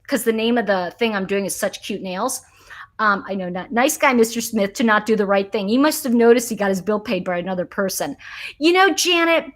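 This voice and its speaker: A middle-aged woman talks casually to her livestream viewers in a slightly high voice. She reads their comments out loud and tells a story with lots of laughter. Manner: animated storyteller, laughs often. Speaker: livestream host.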